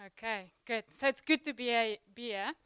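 A young woman giving a sermon in a church, chatty and halting, full of ums and restarts. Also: a little high, a bit bright, smooth, dry recording. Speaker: guest preacher. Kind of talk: sermon opening, casual warm address.

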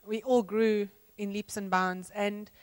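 A woman's voice: medium pitch, flat delivery, takes it slowly, clear, resonant tone. Earnest woman sharing church testimony. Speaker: church member sharing mission report.

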